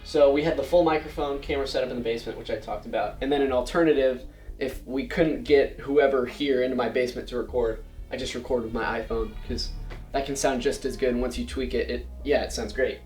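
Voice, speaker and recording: A teenage boy talks through his project slides in a relaxed, chatty way, explaining each step as he goes. His mid-pitched voice rings out in a roomy space. Faint music plays underneath. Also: a little fast. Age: late teens. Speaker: student presenter. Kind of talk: casual slideshow presentation. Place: school presentation room.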